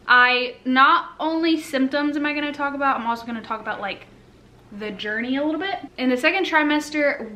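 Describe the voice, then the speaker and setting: Young woman, casual home vlog, rambling, breathless, bright tone, faint background noise. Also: a little high. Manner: chatty, rambling, many fillers and restarts. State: pregnant, short of breath. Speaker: lifestyle vlogger. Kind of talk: casual chat to camera. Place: home, indoors.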